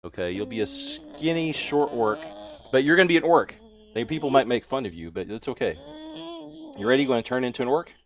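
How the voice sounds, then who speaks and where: A man running a tabletop game as game master, explaining things patiently and gently. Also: mid-range voice, animated, a little fast.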